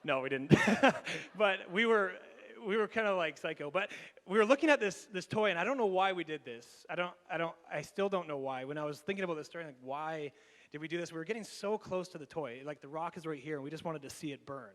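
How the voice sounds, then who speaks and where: A pastor telling a lively, laughing story in a sermon, with many restarts and a Canadian accent. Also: male voice, on the high side, fairly quick. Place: church sanctuary. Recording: long hall reverb.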